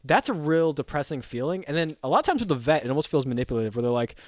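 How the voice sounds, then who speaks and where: A man's voice: on the high side, animated, rapid-fire, a little mellow, dry recording. A man co-hosting a game-dev podcast, telling rambling, swearing anecdotes in casual chat. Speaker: podcast co-host.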